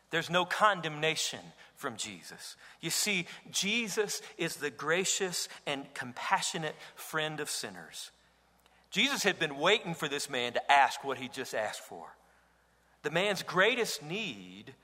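A man's voice: on the high side, bright, forceful tone. A man preaching a sermon as pastor, earnest and rising to emphatic cries. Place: church sanctuary. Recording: reverberant hall.

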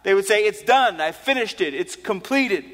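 Male pastor, high voice, earnest sermon delivery, hushed lows to emphatic highs, hall reverb. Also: lively intonation, moderate pace. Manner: earnest preaching, swings from hushed low phrases to raised emphatic declarations.

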